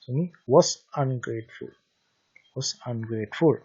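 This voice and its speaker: A man with a Sri Lankan accent talks through a Pali language lesson at a slow, deliberate pace, saying each word and then its meaning. His voice is mid-pitched and husky, and he pauses often on hesitant "uh"s. The recording sounds dull and lo-fi. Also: a little mellow. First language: Sinhala.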